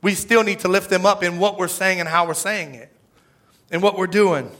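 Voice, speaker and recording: Preacher guy, high bright voice, chatty energetic sermon. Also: moderate pace. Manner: energetic, conversational, tag questions. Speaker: pastor.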